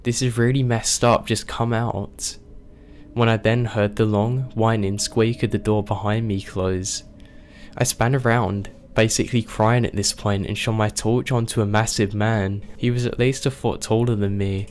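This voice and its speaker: A man reading a scary story aloud as scripted narration, telling it slowly and with suspense. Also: lowish voice, steady tone, a little mellow, slight background noise.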